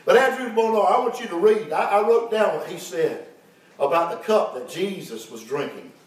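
A middle-aged pastor preaching with rising passion, his voice pitched notably high for a man. The sound is heavily echoey, picked up from a distance in a church. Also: animated, normal speed. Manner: impassioned preaching, swelling to fervent peaks. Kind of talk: sermon. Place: church sanctuary. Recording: very echoey room, mic at a distance.

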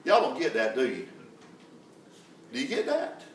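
A man's voice: medium pitch, wildly swooping pitch, measured pace, slight background noise. A man preaching a sermon, fervent and calling out for the congregation's responses. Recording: echoey church hall, distant mic. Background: congregation answering amen.

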